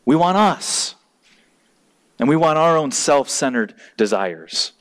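A man preaches a sermon in a slow, sing-song voice. He is emphatic, often repeating words as he restarts, and at points his pitch and volume rise.

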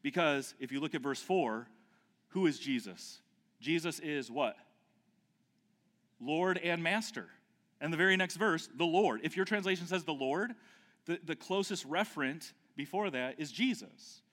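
A man's voice: fairly high pitch, animated, measured pace, fairly bright tone. Emphatic preacher man in a reverberant hall. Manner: emphatic, rises and falls sharply, frequent restarts and rhetorical questions. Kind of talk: expository sermon.

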